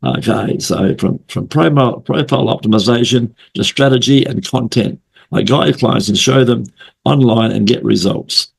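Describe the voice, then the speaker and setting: A man hosting a casual remote interview, hoarse from a flu, chatty and rambling, often repeating himself. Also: mid-range voice, moderate pace. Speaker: interview host. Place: at home late at night, remote call.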